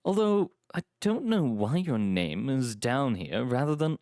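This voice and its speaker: A man's voice: medium pitch, sing-song, a little slow, a little mellow, dry recording, clean studio sound, pitched above the performer's own voice. A man voicing a refined male valet who speaks politely, with a pleasant, cultivated manner. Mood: courteous.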